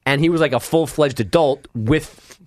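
A man's voice: a little high, normal speed, no room sound. A man from New York co-hosting a casual podcast, telling a story with a dry, teasing manner. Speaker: co-host.

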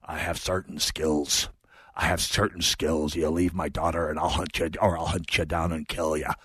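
A man doing an impression of a gruff, menacing action-movie father in a low, threatening voice. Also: level tone, normal speed, fairly bright tone, no room sound, studio quality, exaggerated voice. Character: gruff menacing middle-aged male action-hero father.

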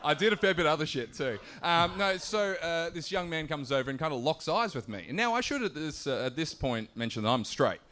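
Lively sweary Australian man. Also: a little high, brisk, few pauses, a little hiss or hum. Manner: animated, sweary, laughing through the telling. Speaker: comedian telling a story. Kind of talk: live stand-up storytelling.

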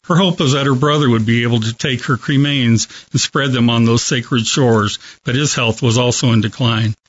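A man calmly telling a reflective story as a guest on a radio talk show. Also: medium pitch, moderate pace, muffled recording. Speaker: hospice worker telling a story.

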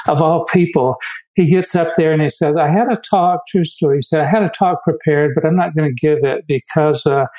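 A man's voice: a little high, darkish tone, poor audio. Earnest man telling life stories. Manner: earnest, reflective, with frequent restarts. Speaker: guest speaker. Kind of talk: personal storytelling.

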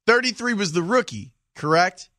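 A man's voice: sits high, animated, normal speed, sharp tone, no echo, clean studio sound. A man hosting a sports radio show, telling stories in a jokey, self-mocking way. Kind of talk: casual sports radio chat. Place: radio studio.

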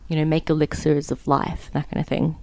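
A young woman in her twenties with a deep, level, warm voice co-hosts a casual podcast, talking briskly with no echo. She tells a story in a chatty way, full of fillers and quick to laugh.

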